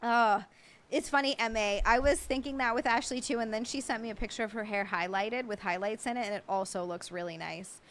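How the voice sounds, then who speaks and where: A woman hosting a livestream in a casual, chatty way, greeting viewers and answering their comments. She is excitable and quick to laugh. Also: fairly high pitch, slight background noise. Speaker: livestream host.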